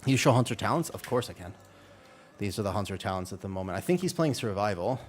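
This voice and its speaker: Talking fast in a lowish, animated voice, a young man plays a game live and banters with his viewers. He's a little out of breath from exercise, and slight background noise comes from a fan in his home room.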